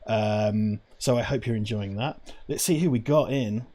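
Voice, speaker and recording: A man's voice: fairly low pitch, normal speed, dark tone. A man co-hosting a film watch-party stream, talking in a rambling, self-interrupting, laughing way. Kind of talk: casual chat. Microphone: lavalier.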